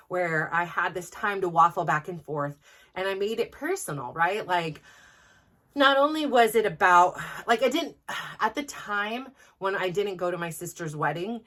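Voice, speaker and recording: A woman in her forties hosting a podcast, telling a personal story in a casual, animated way, laughing often and restarting her sentences. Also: fairly low pitch. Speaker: podcast host.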